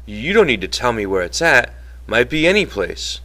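A man's voice: medium pitch, very animated, moderate pace, pushed and bright. A man voicing an elderly one-handed ranch hand who talks in an eager, pleading, plain rural way.

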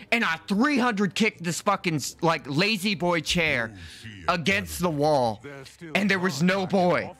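A man telling a rambling story while he plays, his voice sitting a bit high. He keeps filling gaps with "like" and "right" and swears freely. Loud game music plays behind him. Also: expressive, unhurried. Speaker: streamer. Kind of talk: casual storytelling while gaming.

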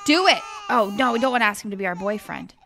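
A woman's voice: medium pitch, racing, gravelly, slight background noise. A young woman hosting a casual let's-play, chatting animatedly with her viewers while she plays. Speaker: gaming channel host.

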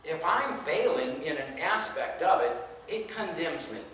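Bright-voiced Sunday school teacher in an echoey room. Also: medium pitch, lively intonation, a little slow. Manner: conversational, asks the class questions, many "uh"s; reads scripture aloud in King James wording. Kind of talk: Bible class teaching. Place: church classroom. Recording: very echoey room, mic far off, faint background noise.

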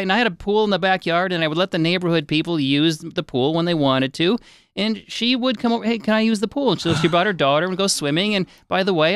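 A man's voice: on the high side, a bit bright, smooth, dry recording, studio quality. A man as a filmmaker guest on a podcast, chatting casually and a little rambling. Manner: rambling, self-deprecating. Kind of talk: casual chat.

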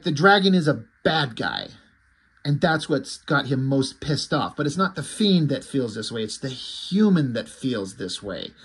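Husky excited man recapping comics. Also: a little high. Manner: excited, loose and profane retelling. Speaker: comic book reviewer.

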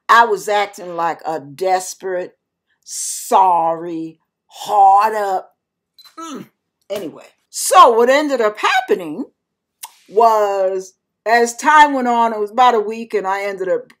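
A woman ministry host telling a personal testimony, animated, acting out the people in her story with frank asides to her listeners. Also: mid-range voice.

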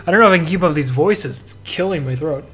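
A man's voice: on the high side, fairly bright tone, soft background music. A young man playing a dating game, reading its text aloud with playful, joking asides. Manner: playful, quick asides, reads dialogue aloud. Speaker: let's-play gamer.

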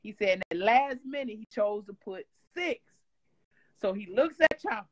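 A woman from Detroit telling stories in a casual interview, animated and profane, loudly acting out what people said. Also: a little high, moderate pace, low-quality recording. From Detroit, USA. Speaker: guest.

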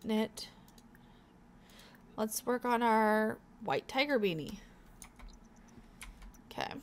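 A woman's voice: a little high, animated, drawn-out words, clear, resonant tone. A young woman hosting a let's play, giving casual gameplay commentary in a chatty, encouraging way as she thinks aloud.

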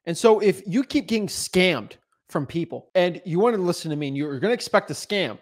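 Rapid-fire, intense male wholesaling coach. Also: a little high, animated. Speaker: real estate wholesaling coach. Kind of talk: fired-up persuasive pitch.

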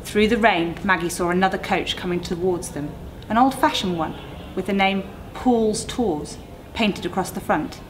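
A woman on a school staff reading a ghost story aloud in a measured, suspenseful way. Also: mid-range voice. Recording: noisy recording.

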